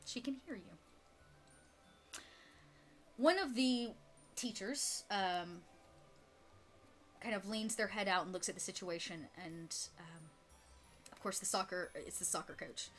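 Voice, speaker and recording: A woman narrating a tabletop role-playing game as game master, soft and unhurried, with frequent fillers. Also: medium pitch, soft background music.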